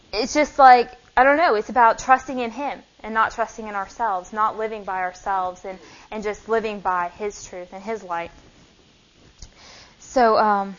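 A young woman giving an informal, chatty sermon and reading scripture, acting out conversations as she goes. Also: mid-range voice. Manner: chatty and animated, acting out dialogue. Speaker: lay preacher. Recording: dull lo-fi recording.

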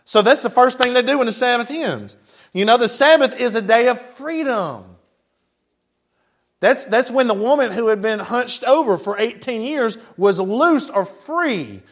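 A high-pitched man preaching and reading Bible passages aloud. He stops often for chatty asides, talking to his listeners in a plain, conversational way. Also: expressive, normal speed. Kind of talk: sermon with scripture reading.

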